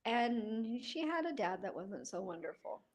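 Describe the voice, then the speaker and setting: A woman co-hosting a podcast, telling animated stories and laughing easily in casual chat. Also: fairly high pitch, measured pace. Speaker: podcast co-host.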